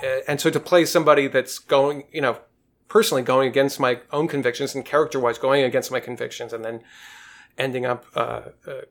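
A man, an actor, talking in a casual podcast conversation, thoughtful and halting with frequent restarts. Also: medium pitch, fairly even intonation. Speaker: actor guest.

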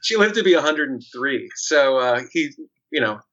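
A man's voice: mid-range voice, very animated, normal speed, bright, forceful tone. Chatty man with a lo-fi sound. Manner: chatty, many fillers and restarts. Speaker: actor guest. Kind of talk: casual chat, storytelling. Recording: dull lo-fi sound.

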